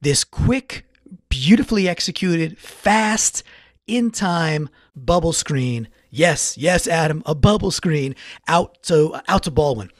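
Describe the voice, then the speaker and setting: A man talking fast and with feeling through a solo sports recap, stacking up repeated phrases for emphasis. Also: fairly high pitch, lively intonation, no echo, clean studio sound. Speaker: podcast contributor.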